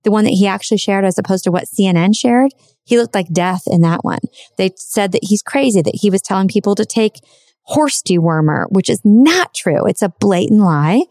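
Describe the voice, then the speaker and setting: Indignant woman ranting, mellow dry voice. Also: mid-range voice, a little fast, dry recording. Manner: emphatic, indignant, swears freely. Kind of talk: casual opinion rant to camera.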